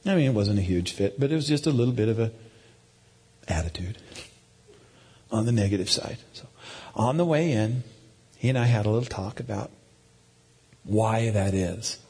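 A man's voice: lowish voice, lively intonation, moderate pace, pauses often, a little mellow, slightly rough. A man preaching a sermon as a pastor, telling a folksy family story. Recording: long hall reverb.

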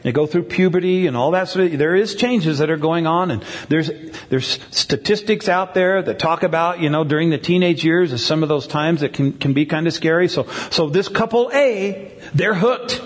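A man's voice: fairly high pitch, moderate pace. A middle-aged male pastor giving a conversational sermon, often repeating words and asking the crowd "right?". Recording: long hall reverb.

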